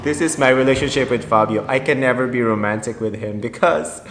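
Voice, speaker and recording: A man hosting a casual reaction video, excitable and gushing, a wedding photographer by trade. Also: mid-range voice, brisk, a little hiss or hum. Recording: echoey room with loud music.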